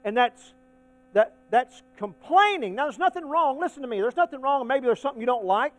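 A male pastor preaching a folksy sermon to his congregation, swinging between hushed asides and loud, emphatic points. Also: extremely high pitch, expressive, brisk, rough recording. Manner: folksy, addresses the congregation as y'all.

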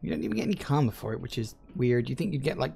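A man's voice: medium pitch, very animated, racing, gravelly, mellow, a little hiss or hum. Chatty English Midlands man streaming a game. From England. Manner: chatty, joking, answers chat aloud. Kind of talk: casual live-stream commentary.

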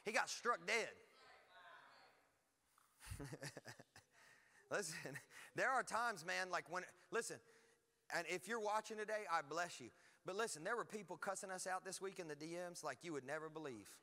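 A man preaching a lively sermon as pastor, emphatic and energetic with frequent asides. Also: high-pitched, normal speed, long pauses, in a large hall. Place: church hall.

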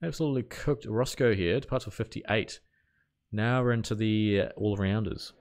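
A man's voice: lowish voice, moderate pace, darkish tone. A man from New Zealand with a Kiwi accent, live-streaming a game and chatting casually while reacting to play and answering viewer messages. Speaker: gaming streamer. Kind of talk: casual live-stream chat over gameplay.

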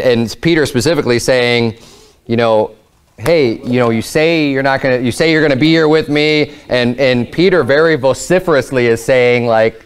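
A male pastor preaching a sermon in a loose, conversational way, with frequent fillers and restarts, jumping higher in pitch whenever he quotes someone. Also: clear, resonant tone. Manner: raises pitch sharply when quoting Peter and Jesus.

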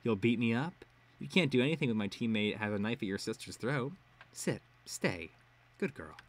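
A man's voice: mid-range voice, animated, normal speed, lightly acted. A man voicing a smug, mocking teenage girl villain in a read-aloud web serial. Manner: teasing, mocking.

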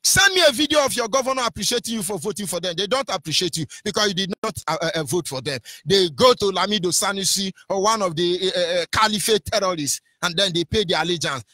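A man's voice: high-pitched, fast, hardly any pauses, pushed and bright, dry recording. A man with a Nigerian accent, hosting a radio show and delivering impassioned political commentary full of rhetorical questions and sing-song rises. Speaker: radio host.

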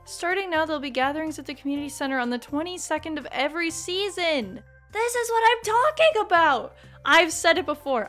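A young woman hosting a let's play, chatting bubbly and excitable, bursting into squeals. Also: fairly high pitch. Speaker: gaming channel host.

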